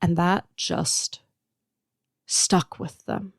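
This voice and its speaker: An adult podcast host who works with teenagers gives an earnest, emphatic solo monologue, laying out points in slow, measured lists. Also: medium pitch, flat delivery, creaky, breathy edge, no echo, studio quality.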